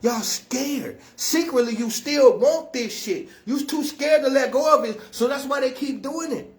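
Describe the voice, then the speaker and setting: A man's voice: very high voice, a little slow. A man delivering a blunt, profane, scolding monologue as an activist speaker. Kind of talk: impassioned monologue to camera.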